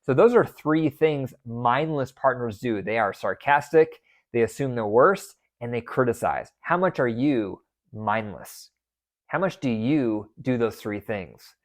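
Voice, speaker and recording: A man's voice: medium pitch, expressive, a little slow. A man hosting a marriage advice podcast as a therapist, talking with emphasis and often repeating key phrases.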